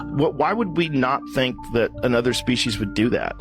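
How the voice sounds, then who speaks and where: A man with an average-pitched voice talking through ideas in a podcast conversation, thoughtful and explanatory. Music plays clearly in the background. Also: animated, moderate pace.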